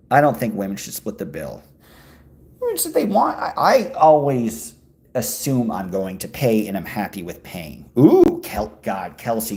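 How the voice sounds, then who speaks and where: Guy rambling at his phone stream, low gravelly voice, jumps all over in pitch, crude jokes. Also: mellow. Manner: joking, crude, rambling replies to chat. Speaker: livestreamer reading chat. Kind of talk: casual chat. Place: walking outdoors in a city.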